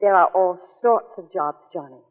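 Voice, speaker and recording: An actress in a 1940s radio play voicing an earnest, emotional young wife who speaks from the heart. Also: female voice, fairly low pitch, moderate pace, lightly acted. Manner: earnest, heartfelt, scolding tenderly. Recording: tinny old radio broadcast with reverb.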